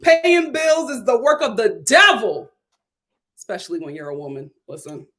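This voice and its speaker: A young woman from Philadelphia hosting a live stream, reading viewer comments with sassy, animated chat and frequent laughter. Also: a little high, normal speed.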